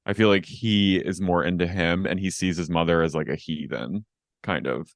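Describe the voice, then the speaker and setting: A man's voice: low voice, normal speed, dry recording, clean studio sound. A man co-hosting a podcast, chatting casually and gossipy about reality TV, rambling with lots of fillers. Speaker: podcast co-host. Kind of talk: casual reality-TV recap chat.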